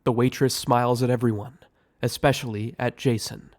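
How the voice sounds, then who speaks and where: A man reading aloud the scene directions of his own audio screenplay in a measured way. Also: mid-range voice, fairly even intonation. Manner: slow, measured. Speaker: writer and director narrating.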